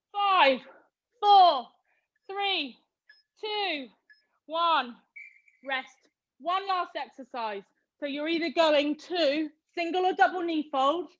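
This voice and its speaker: High-voiced British woman coaching a workout. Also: fairly bright tone, dull audio. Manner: encouraging, counts down reps, cheers class on. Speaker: fitness instructor. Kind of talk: live online workout class.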